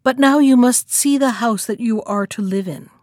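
Woman reading a calm, firm old peasant man. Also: a little high, normal speed, dry recording, studio quality, close to an everyday voice.

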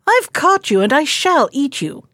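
A woman's voice: sits high, very animated, unhurried, fairly bright tone, dry recording, clean studio sound, voice pushed up, full character voice. A woman playing a scornful young fisherman. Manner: scornful, impatient. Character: poor young fisherman, skeptical elder brother.

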